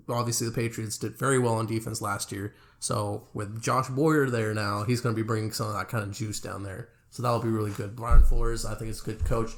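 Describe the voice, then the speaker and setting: A young man co-hosting a football podcast, laid-back and rambling, sometimes fumbling player names. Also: on the low side. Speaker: podcast co-host. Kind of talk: casual sports chat.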